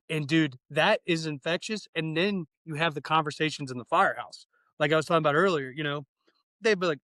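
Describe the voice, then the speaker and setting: A man's voice: a little high, a little fast, a bit bright, dry recording, rough recording. A man in his thirties, a fire training instructor, talking enthusiastically and casually as a podcast guest, acting out conversations. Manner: enthusiastic, slangy, acts out dialogue.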